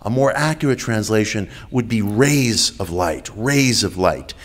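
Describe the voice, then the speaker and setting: A man giving a measured public lecture over a video call, slowing down and repeating key phrases for emphasis. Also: lowish voice, expressive. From United States.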